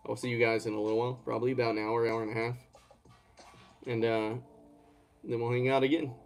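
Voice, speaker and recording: A man's voice: medium pitch, little pitch movement, quick pace, soft background music. A man from Georgia, chatting casually on a live stream and answering questions in a rambling way. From Georgia, USA. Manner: rambling, reads and answers chat. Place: at home.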